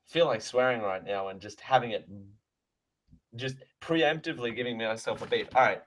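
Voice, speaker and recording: A man's voice: medium pitch, moderate pace, fairly bright tone, rough recording. A man hosting a live radio show from a studio mic, rambling and correcting himself with sarcastic asides. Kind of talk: live radio talk, reading mail aloud. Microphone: close studio microphone.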